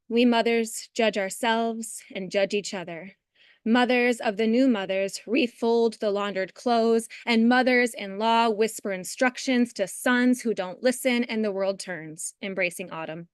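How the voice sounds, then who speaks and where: A woman in her thirties, a poet, chatting brightly and then reading her poems over a video call. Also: on the high side, measured pace, clear, resonant tone, no echo, clean studio sound. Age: 30s.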